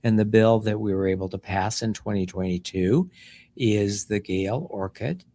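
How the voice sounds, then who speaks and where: A middle-aged man, a doctor hosting, explaining things in a measured way. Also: lowish voice, dark tone, no echo. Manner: measured, explanatory, with fillers and restarts. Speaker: doctor and host. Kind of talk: interview conversation.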